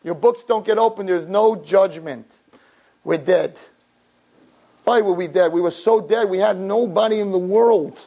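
Impassioned man preaching with a high voice. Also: a little slow, lo-fi sound. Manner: swings from low murmur to high shouting; acts out dialogue in character voices. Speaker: religious teacher. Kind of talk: impassioned sermon to girls.

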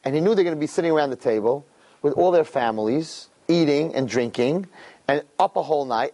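A man's voice: a little high, fairly quick, poor audio. A man teaching a weekly religious class, telling stories and speaking straight to his listeners with lots of repetition. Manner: animated, repeats words, addresses listeners directly. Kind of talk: weekly religious lecture with storytelling.

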